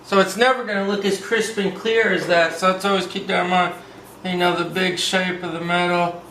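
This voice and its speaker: A man's voice: high-pitched, little pitch movement, fairly quick, sharp tone, roomy sound, a little hiss or hum, rough recording. A man hosting a casual step-by-step drawing lesson, upbeat and playful, tossing in "baby" and little sung bits. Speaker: drawing tutorial host.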